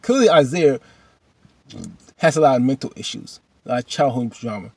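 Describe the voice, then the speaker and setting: A man's voice: mid-range voice, expressive, normal speed, darkish tone, husky, no echo. A man casually recapping a TV episode, chatty and slangy, rambling with restarts.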